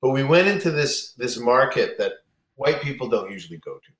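Very animated and brisk, this fairly bright, medium-pitched male voice spins a lengthy road tale in casual conversation. The storytelling is rambling and profane, with many restarted sentences, and the room echoes.

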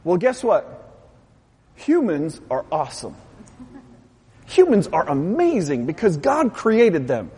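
A pastor preaching a lively, impassioned sermon, then dropping into a soft, quiet prayer. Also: male voice, fairly high pitch, slow, pauses often, breathy edge. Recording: long hall reverb.

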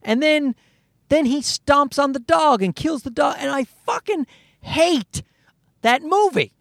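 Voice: sits high, animated, takes it slowly, vocal fry, a bit bright, no room sound, clean studio sound. A podcast host ranting casually, swearing often and restarting sentences. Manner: profane, ranting, many restarts.

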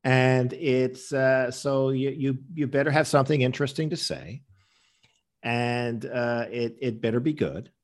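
A man's voice: medium pitch, measured pace. A man answering interview questions with rambling anecdotes, acting out the people he quotes. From Canada. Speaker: interview guest, comedian.

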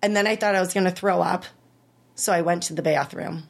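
A woman in her thirties, an interview guest telling her story in an animated way, acting out what people said and rising high when she relives the worst moments. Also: fairly quick. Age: 30s. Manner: animated, acts out quoted voices, rises high when reliving distress. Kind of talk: emotional personal storytelling.

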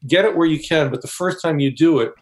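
A man's voice: a little high, quick pace. A man co-author on a discussion panel, explaining steps and telling anecdotes.

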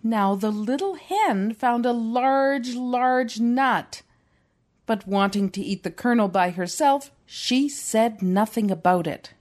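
A woman's voice: fairly high pitch, expressive, slow pace, darkish tone. A woman, the host's mother, reading a fairy tale aloud in a dry, matter-of-fact way on a podcast.

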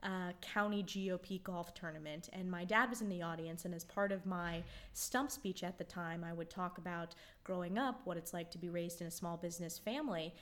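A woman's voice: fairly low pitch, brisk, hardly any pauses. Woman, American, thirties, interview guest, reflective, restarts sentences. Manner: earnest, reflective, with frequent ums and restarts. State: choked up. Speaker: congresswoman guest. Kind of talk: interview answers.

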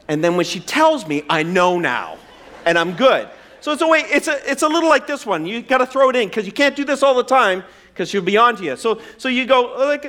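A man's voice: extremely high pitch, animated, moderate pace, fairly bright tone. A man in his forties preaching a sermon, conversational and humorous with self-deprecating asides. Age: 40s. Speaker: pastor.

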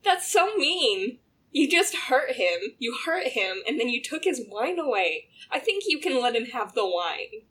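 A woman co-hosting a casual podcast chat, animated and laughing often as she talks over a TV drama. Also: high-pitched, unhurried, slightly rough. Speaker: podcast co-host.

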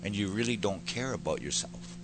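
A man's voice: lowish voice, animated, fairly quick, noisy background. A man giving an earnest personal testimony that turns into preaching, building to emphatic peaks as he speaks to a pastor.

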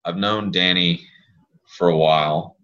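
A man, a physical therapist guest on a podcast, chatting casually and telling rambling, animated stories. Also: low-pitched, a little slow, dull audio.

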